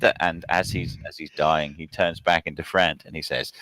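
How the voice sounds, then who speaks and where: A man with a lowish, bright voice playing an online tabletop game. He tells his character's actions with a lively, hesitant delivery. The sound is dry and close. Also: normal speed, hardly any pauses, no echo. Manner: animated, hesitant with fillers. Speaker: player.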